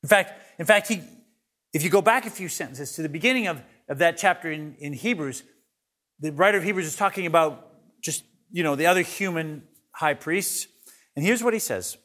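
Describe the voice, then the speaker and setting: Male pastor with a high voice, earnest sermon delivery that restarts words and drops to a hush. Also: expressive, a little fast. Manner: earnest, repeats words as he builds each point; swings between loud emphasis and soft hushed lines.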